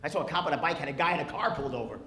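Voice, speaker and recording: A man's voice: fairly high pitch, lively intonation, racing. A man doing a stand-up comedy set with crowd work, brash and punchy, on a club stage with a handheld mic. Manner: brash, loud, punchy, chatting with the audience. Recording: live club recording with crowd laughter and noise. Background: audience laughter and room noise.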